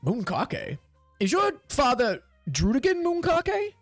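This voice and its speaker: A man voicing a broad-shouldered, booming male high commander of zealot warriors, with hearty laughs and grand archaic speech. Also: big pitch swings, a little slow, dry recording, faint music behind. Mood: commanding.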